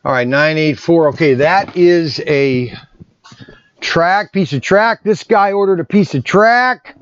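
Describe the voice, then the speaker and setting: A man's voice: a little high, slow, smooth, highs cut off. A man who owns a toy shop, chatting casually and rambling in a vlog while he packs orders. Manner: rambling, chatty, often restarts sentences. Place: indoor shop packing area. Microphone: separate mic system away from the camera.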